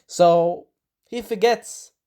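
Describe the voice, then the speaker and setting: A Swedish-born speaker recapping an episode in a casual, rambling review, stumbling over names and acting out quotes, and now and then clearing a scratchy throat. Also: medium pitch, very slow, dark tone. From Sweden. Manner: rambling, enthusiastic, acts out quotes in little voices. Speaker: video reviewer. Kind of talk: casual spoiler review monologue.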